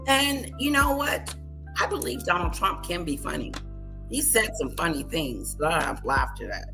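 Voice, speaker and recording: A woman's voice: lowish voice, big pitch swings, unhurried, creaky, over music, rough recording. A woman hosting a live stream, giving casual commentary and repeating her points for emphasis.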